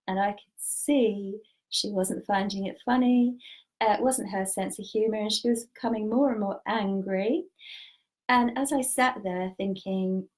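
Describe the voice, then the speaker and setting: A woman speaks as a spiritual teacher in a calm, measured, earnest way. Her pitch sits in an ordinary middle range for a woman. She tells personal stories and gives gentle guidance. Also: low-quality recording. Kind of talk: spiritual storytelling talk.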